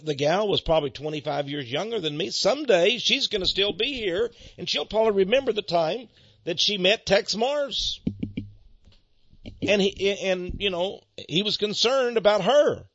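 A man's voice: sits high, lively intonation, normal speed, fairly bright tone, dry recording. A male pastor giving a folksy, storytelling sermon on a dull, lo-fi recording. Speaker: pastor and ministry head. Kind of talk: radio sermon monologue.

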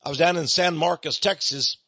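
A little high and a little fast, this American man's pushed, bright voice keeps a fairly even intonation as he tells a sermon story. The Christian speaker on Freemasonry animatedly performs both sides of conversations. The muffled, dull lo-fi recording has no room sound.

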